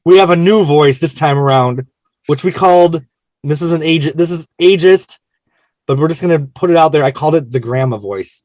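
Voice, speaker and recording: A man hosting a track-by-track album podcast, frank and self-mocking. His voice sits fairly high and sounds dry and close, with no room around it. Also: moderate pace, a little mellow, dry recording. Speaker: podcast host. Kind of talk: casual album discussion.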